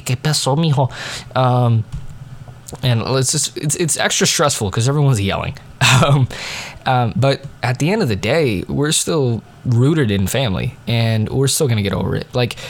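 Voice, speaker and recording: A teenage boy telling family stories in a casual, rambling monologue full of fillers and digressions. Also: mid-range voice. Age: teens. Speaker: diarist.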